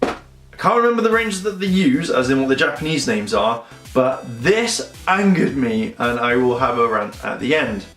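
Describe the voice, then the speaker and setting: A man's voice: mid-range voice, very animated, normal speed, a bit bright. Sarcastic guy rambling in a roomy space. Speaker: fan reviewer. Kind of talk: casual episode review. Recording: roomy echo, faint music behind.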